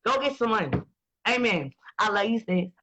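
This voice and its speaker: A woman, talking in blunt, profane and animated casual chat as host. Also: medium pitch, moderate pace, crowd noise, poor audio. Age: 20s.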